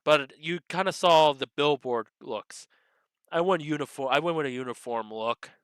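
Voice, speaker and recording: A man giving chatty, rambling livestream commentary on his own racing game mod, with bursts of excited cheering. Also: fairly high pitch, normal speed, smooth, dry recording. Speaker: game modder and streamer.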